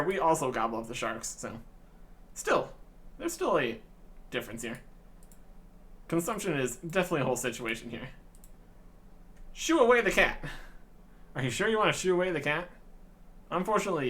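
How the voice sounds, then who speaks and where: A man's voice: a little high, a bit bright. A man hosting a let's-play video, commenting on the game in a wry, joking way. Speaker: game channel host.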